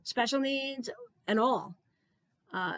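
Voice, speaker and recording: An older New Jersey woman, once a physical education supervisor and now retired, delivers an earnest, conversational keynote, circling back to key phrases for emphasis. Her voice is a little high and fairly bright, her pace slow, with no echo.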